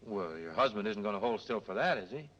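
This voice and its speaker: An actor playing an easygoing young cab driver and crooner, breezy and joking, in a 1930s film. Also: male voice, on the low side, animated, fast, a bit bright. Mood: helpful. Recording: dull old film soundtrack with hiss.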